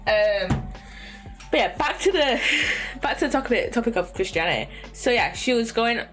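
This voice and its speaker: A woman's voice: fairly high pitch, expressive, moderate pace, fairly bright tone. Rambling young woman streamer. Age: young adult. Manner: rambling, with many fillers, restarts and laughs. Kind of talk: casual chat. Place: her bedroom. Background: faint lo-fi music.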